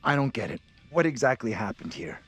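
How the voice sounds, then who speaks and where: A calm, skeptical group leader in a video game. He reasons in a dry, steady voice of medium pitch. Faint music sits underneath. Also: brisk, husky, dry recording.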